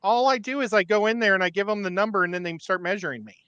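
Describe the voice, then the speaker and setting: A man's voice: high-pitched, very fast, pushed and bright, clear, resonant tone, dry recording, highs cut off. A man in casual live stream chat, defending himself with a self-assured manner.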